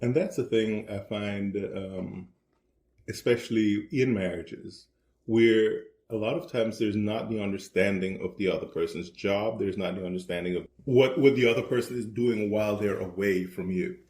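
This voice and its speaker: A husband co-hosts a casual podcast chat with his wife at home over breakfast. He talks in a measured, explanatory way and often acts out bits of dialogue. His voice carries a roomy echo. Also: on the low side, a little mellow.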